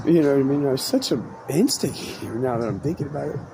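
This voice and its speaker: This podcast host has a mid-range voice with lively intonation, a quick pace and vocal fry. He rambles through a profane story in casual chat, constantly breaking off and beginning sentences again, over a noisy background.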